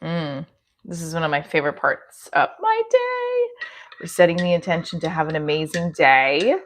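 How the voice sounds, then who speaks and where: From her home kitchen, a forty-something comedian with a New Jersey accent chats casually on a livestream, answering comments out loud. Her voice sits low, moves through big pitch swings, and runs at normal speed.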